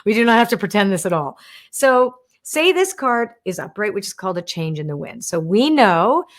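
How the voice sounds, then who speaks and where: In a sing-song, medium-pitched voice at normal speed, a woman hosting a live stream answers viewer questions about oracle cards. She chats and explains gently, often saying "right?" and "you wanna."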